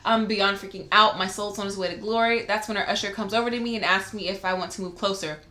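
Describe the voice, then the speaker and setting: A woman's voice: medium pitch, steady tone, fast, bright, forceful tone, a little hiss or hum. A young woman co-hosting a casual podcast, reading a listener's letter aloud, laughing often and swearing freely. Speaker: podcast co-host. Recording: roomy echo.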